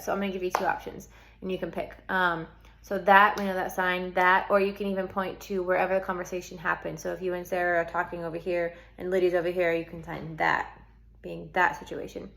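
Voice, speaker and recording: A woman with a low, gravelly, fairly bright voice teaches sign language for a script. She explains each sign casually and chattily, thinking aloud and saying "like" and "um" a lot.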